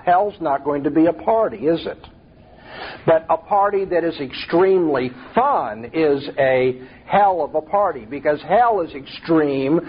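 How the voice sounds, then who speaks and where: Male preacher, emphatic rhetorical sermon delivery, husky tone. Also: on the high side, muffled recording.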